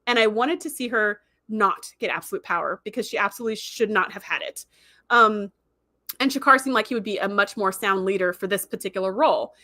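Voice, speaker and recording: A woman's voice: medium pitch, fairly quick, pushed and bright, no echo, clean studio sound. A woman hosting a livestream, chatting casually and acting out characters' lines as she retells an episode. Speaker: livestream host.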